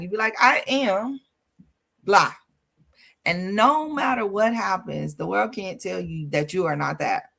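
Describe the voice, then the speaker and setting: Woman host: low, gravelly voice, sassy and lively coaching delivery. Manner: lively, sassy, laughs a lot, talks with the listener. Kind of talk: casual livestream coaching talk.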